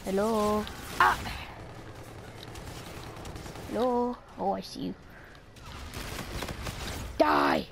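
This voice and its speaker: A woman's voice: high voice, animated, takes it slowly, gravelly. A young woman giving playful, silly commentary while playing a shooter game, squealing and singing little nonsense lines. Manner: playful, squealing, silly sing-song asides. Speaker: gamer. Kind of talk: casual gameplay commentary. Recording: noisy game audio behind.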